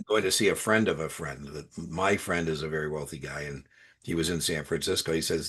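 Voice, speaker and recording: A deep-voiced man with a husky edge leads an exam tutoring session. He talks casually and spins personal stories to explain the material, often dropping his volume for offhand remarks. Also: a little fast. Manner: storytelling, conversational, drops to quiet asides.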